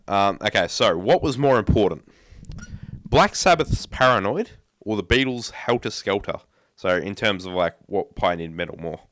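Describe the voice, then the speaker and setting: A man hosting a casual podcast, pitched on the low side and recorded close and dry with no room sound. He rambles, trips over repeated words and fires off opinions. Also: animated, normal speed, a bit bright, no echo. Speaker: podcast host.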